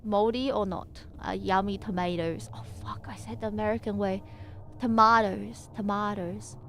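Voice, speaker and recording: A woman's voice: mid-range voice, steady tone, brisk, darkish tone, a little hiss or hum. A woman livestreaming, chatting in a playful, rambling and silly way between reading passages from her home PC setup. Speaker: VTuber streamer.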